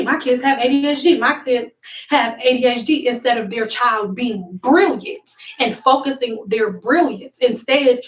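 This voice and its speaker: A woman's voice: a little high, a bit bright, far from the mic. Emphatic woman preaching at her camera. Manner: emphatic, preachy, repeats herself, cusses. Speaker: beauty vlogger. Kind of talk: casual motivational talk to viewers. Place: room at home, indoors. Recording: echoey room, voice off-mic.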